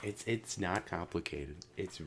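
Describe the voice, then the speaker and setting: A man hosting a casual podcast, ranting with lots of swearing, jumping between loud outbursts and low mutters. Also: measured pace, slight background noise. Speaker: podcast host.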